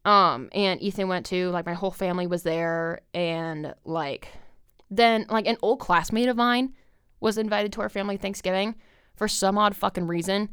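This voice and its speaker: A woman's voice: mid-range voice, normal speed, fairly bright tone, clean tone, dry recording, studio quality. A young woman hosting a podcast, telling a long story in a rambling casual monologue, full of "like" and swearing. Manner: filler-heavy, swears a lot. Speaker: podcast host.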